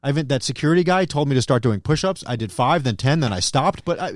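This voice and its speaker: A man co-hosting a podcast in casual chat, his voice swinging lively up and down. He talks in restarts and gets riled easily, with a slightly wheezy laugh. The sound is dry and close, with a mid pitch. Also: fast talker, dry recording. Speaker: podcast co-host. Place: radio studio.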